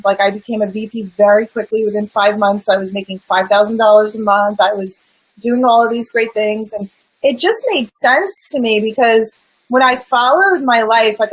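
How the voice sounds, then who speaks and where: A woman's voice: medium pitch, rough recording. A woman guest, a spiritual life coach, candidly telling her personal story in an earnest, emphatic way. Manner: earnest, emphatic, sometimes swears.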